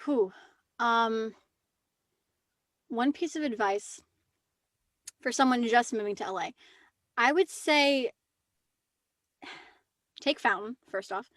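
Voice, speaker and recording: A woman with a high, bright-pitched voice talks easily as an interview guest. She is chatty and lively, tumbling into quick asides. Her voice sits close and dry, with no room around it. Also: no room sound. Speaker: actress guest. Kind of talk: casual interview chat.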